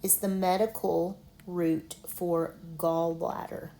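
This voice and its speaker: Slow, patient woman teacher, low voice. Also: little pitch movement, warm tone, a little hiss or hum. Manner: slow, deliberate, sounds out syllables. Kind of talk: online lesson on medical word pronunciation.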